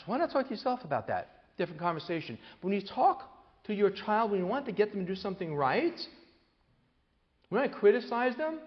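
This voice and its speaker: Animated man lecturing in a reverberant hall. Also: high voice. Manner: animated storyteller, acts out quoted voices, many restarts. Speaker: speaker at a parenting talk. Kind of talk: lively talk to an audience. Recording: long hall reverb, dull lo-fi sound.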